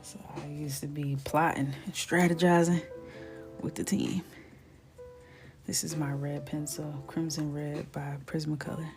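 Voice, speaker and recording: Woman, thirties, host of a live coloring stream, low voice, chatty storyteller who slips into near whispers. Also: measured pace, over music. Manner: chatty and animated, often dropping to a near whisper. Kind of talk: casual storytelling while coloring.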